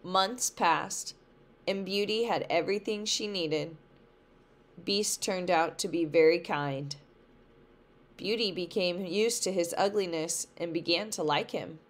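A woman teacher reading a storybook aloud for a lesson, slow and careful. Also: fairly low pitch. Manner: slow, careful read-along pace.

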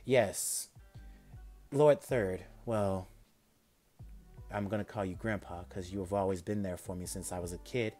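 Cool collected demon kid, a guy doing the voice, talks low and slow, steady. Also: faint music behind. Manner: calm, low, measured delivery. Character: calm, self-assured eight-year-old demon boy.

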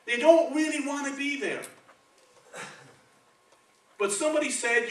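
A man with a Spanish accent preaches a sermon conversationally, often checking in with the congregation by saying "okay" and "right." His voice is extremely high and fairly bright, with a measured pace and long pauses. The recording is distant and echoey, made in a church sanctuary.

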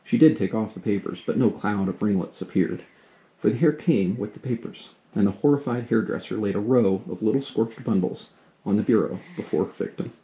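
Low, dark-voiced dad reading aloud. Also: male voice, brisk, lo-fi sound. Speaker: father reading to his daughter.

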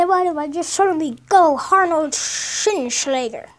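A woman's voice: high-pitched, expressive, normal speed. A woman playing a horror game and commentating casually, rambling and nervous as she goes. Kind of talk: casual let's-play commentary.

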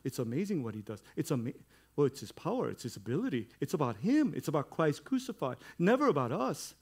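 Middle-aged male pastor, conversational sermon that swells into loud emphatic preaching, mid-pitched voice. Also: very animated, quick pace, slightly rough.

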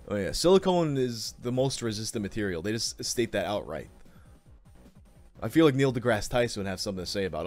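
A man streaming from a home setup on a desk mic, giving loud, crude, mocking commentary with bursts of laughter. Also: medium pitch, animated, brisk, pauses often, soft background music. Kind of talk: casual profane live-stream commentary.

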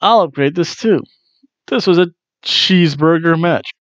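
A man's voice: fairly high pitch, measured pace, no room sound, highs cut off. A man hosting a wrestling review, chatting casually in a jokey way with frequent ums. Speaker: wrestling review podcast host.

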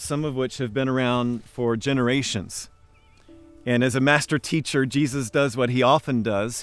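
A man preaching a sermon as pastor, telling stories and building emphasis by repeating phrases. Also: medium pitch.

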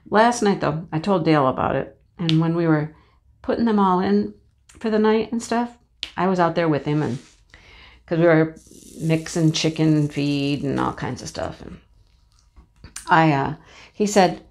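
A woman vlogging from her home office in a casual, chatty storytelling way, animated and acting out the voices in her story. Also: fairly low pitch, unhurried. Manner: animated, acts out voices in anecdotes, laughs often. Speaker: crafting vlogger.

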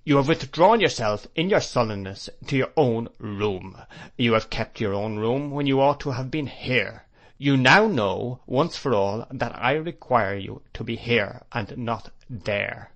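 A man's voice: medium pitch, lively intonation, measured pace. A man playing a cold, commanding stepfather. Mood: stern. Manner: grave, stern, commanding.

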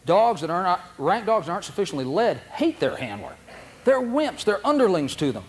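A man's voice: high voice, sing-song, moderate pace. A man teaching a dog training seminar, telling stories with frequent laughs and acting out the dogs and handlers. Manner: anecdotal, laughs often, acts out dogs and handlers. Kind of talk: seminar lecture.

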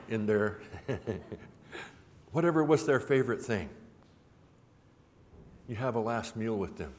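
A man with a fairly low voice gives a public talk in a lecture hall, leaning on rhythmic repetition and a folksy, gently humorous touch. His words carry a long hall reverb over a faint background noise. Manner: rhythmic, repetitive storytelling cadence. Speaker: symposium speaker.

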